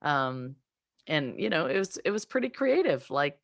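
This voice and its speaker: Woman, low voice, podcast host, chatty storytelling, dry recording. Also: sing-song, normal speed, gravelly, no echo. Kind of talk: casual podcast chat.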